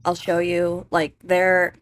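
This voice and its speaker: A woman's voice: lowish voice, completely flat delivery, slow. A woman hosting a gaming channel, giving chatty, giggly gameplay commentary. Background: faint neighbors outdoors.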